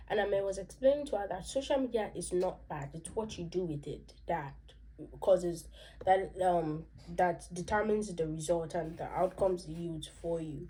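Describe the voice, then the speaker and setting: A woman's voice: lowish voice, normal speed, warm tone, slight background noise. A young Nigerian woman recapping a series episode in a chatty, opinionated way, with asides in Pidgin and Yoruba. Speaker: vlogger. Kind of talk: casual reaction recap.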